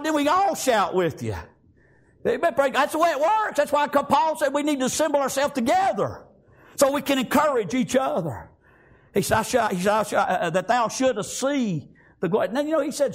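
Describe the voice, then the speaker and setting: High-pitched shouting preacher. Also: male voice. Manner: shouting bursts, repeated "amen" and "praise God". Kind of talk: fiery revival sermon. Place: church.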